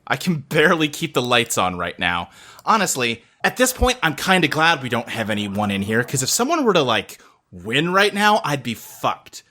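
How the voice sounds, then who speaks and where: A man's voice: medium pitch, big pitch swings, normal speed, sharp tone. A man narrating and running a tabletop game in casual, profane talk. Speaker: game master.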